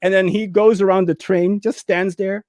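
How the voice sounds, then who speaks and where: In a dry, studio-quality recording, a man with a high-pitched voice speaks at a moderate pace. As co-host of a casual movie talk show, he narrates with plenty of energy and acts out scenes in raised voices.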